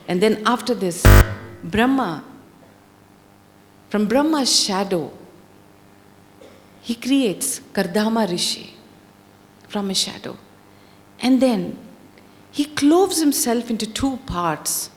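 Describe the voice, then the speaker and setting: A woman telling a scripture story in a slow, deliberate, expressive manner. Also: medium pitch. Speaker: spiritual storyteller. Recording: long hall reverb.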